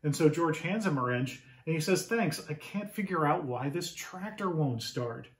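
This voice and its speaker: A man's voice: on the high side, animated, moderate pace. A man reading a picture book aloud, voicing a flustered city dad who is new to farming and speaks in bewildered, eager exclamations, in an echoey room. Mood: puzzled.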